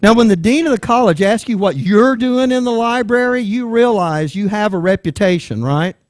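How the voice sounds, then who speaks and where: Animated preacher telling a story. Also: male voice, high-pitched, moderate pace, dry recording, studio quality. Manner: animated storyteller, acts out voices in quotes. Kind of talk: sermon storytelling.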